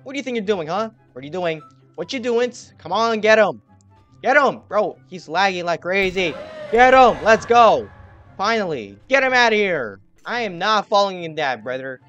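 A young man giving excited gameplay commentary, trash-talking and yelling at other players. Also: sits high, moderate pace, lo-fi sound, faint music behind. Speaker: gaming youtuber.

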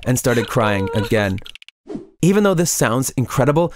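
Man narrating an animated story. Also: mid-range voice, normal speed, over music. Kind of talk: scripted first-person story narration.

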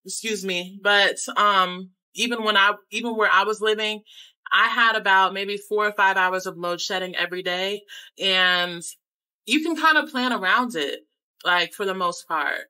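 A woman's voice: mid-range voice, moderate pace, pushed and bright, low-quality recording. A young American woman talking candidly to camera in a casual travel vlog, full of "like"s. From United States. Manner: candid, conversational, with many "like"s. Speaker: travel vlogger.

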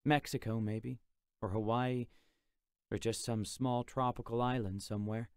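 A man's voice: medium pitch, steady tone, unhurried, smooth, dry recording, studio quality. A man narrating an audiobook in the first person, in a reflective, plain, conversational manner.

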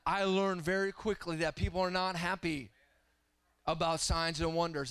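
This thirties-aged guest preacher's pitch sits fairly high, with fairly even intonation and a moderate pace; the tone is fairly bright, clear and resonant, free of echo. He tells stories in the church sanctuary before rising to fervent preaching.

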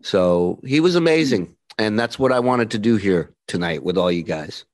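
A man's voice: fairly low pitch, expressive, normal speed. A man hosting a podcast, talking earnestly about a late mentor in a casual chat. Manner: earnest, reflective. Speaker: podcast host.

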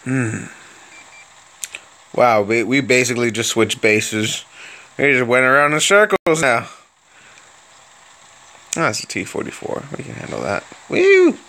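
A young man commenting on his tank battles in a put-on Russian accent that he clearly enjoys. He talks slowly and unhurriedly, but his pitch swings widely, jumping high on sudden excited outbursts. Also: a little hiss or hum. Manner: playful mock Russian accent put on throughout. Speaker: gaming video host. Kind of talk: gameplay commentary.

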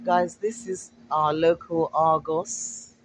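A woman from Africa chatting to camera while she walks outdoors along a busy street. She repeats herself a lot, asks her viewers many rhetorical questions and gets excitable. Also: low-pitched, slow, rough recording. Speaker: vlogger. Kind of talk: casual walking vlog to camera.

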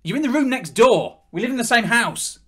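A man's voice: very high-pitched, lively intonation, brisk, pushed and bright, slightly rough. A man in a comedy sketch pleading with a housemate in a wheedling way.

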